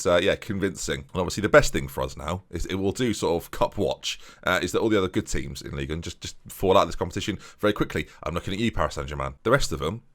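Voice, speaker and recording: A man's voice: on the low side, fairly bright tone. A man giving chatty let's-play commentary on a football management game, talking straight to his viewers. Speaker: video game streamer.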